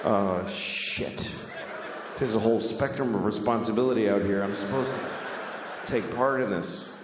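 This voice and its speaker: A man's voice: on the low side, normal speed. A man doing stand-up on a club stage, telling a rambling, exasperated, self-mocking story. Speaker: stand-up comedian. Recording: echoey hall with background noise.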